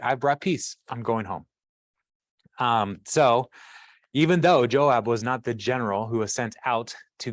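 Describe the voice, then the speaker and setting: A man's voice: mid-range voice, no room sound, studio quality. A man hosting a Bible study, reading scripture aloud and breaking off into casual, chatty commentary with frequent laughter and side tangents. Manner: chatty, laughs often, wanders off-topic.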